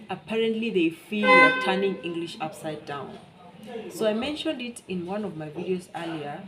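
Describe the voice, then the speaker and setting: A woman's voice: fairly low pitch, poor audio. Blunt Kenyan woman vlogger. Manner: frank, blunt and emphatic. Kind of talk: casual opinion monologue.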